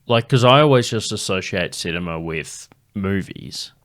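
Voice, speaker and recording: Sweary Australian comedian, lowish voice. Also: male voice, normal speed. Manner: swears a lot, animated storyteller. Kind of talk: casual podcast chat.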